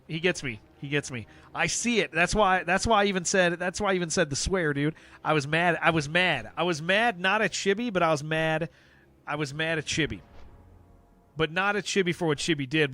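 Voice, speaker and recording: A man with a fairly high, bright voice and a forceful tone is live-streaming an online game. He chats casually and ramblingly with viewers, answering chat and often repeating himself.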